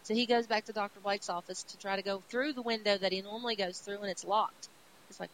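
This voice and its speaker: A woman co-host tells comic book stories in a chatty, animated way. Her voice sits at an ordinary middle pitch, and a faint hiss runs under the recording. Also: a little fast, rough recording. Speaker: podcast co-host. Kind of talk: casual retelling of comic books.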